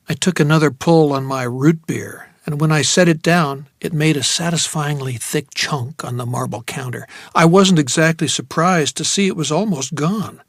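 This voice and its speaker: A man narrates a first-person novel in a wry, reflective way. His voice sits a little on the high side. The read is dry and close to the mic. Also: normal speed, hardly any pauses, dry recording. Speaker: audiobook narrator.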